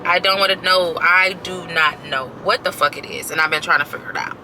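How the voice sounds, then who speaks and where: A woman's voice: on the low side, fairly even intonation, fairly quick, background noise. A woman in her thirties casually venting to her camera, exasperated and emphatic, repeating herself and swearing freely. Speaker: vlogger.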